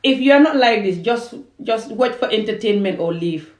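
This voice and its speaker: A woman's voice: on the high side, lively intonation, moderate pace. A woman from Gambia ranting heatedly and emphatically in a self-filmed commentary video. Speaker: vlogger.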